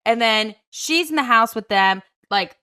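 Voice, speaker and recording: Female podcast co-host, bright tone, loose and conversational. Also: a little high, animated, clean tone. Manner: fast, casual storytelling with frequent fillers and cursing. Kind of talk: casual chat.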